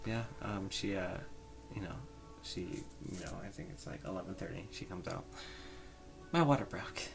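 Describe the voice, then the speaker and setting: A young man with a low, gravelly voice spins a rambling improvised story on a casual podcast. He hesitates often and fills the gaps with "um" and "you know." Faint music plays behind him. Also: level tone, moderate pace. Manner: rambling, hesitant, lots of fillers. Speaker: podcast co-host.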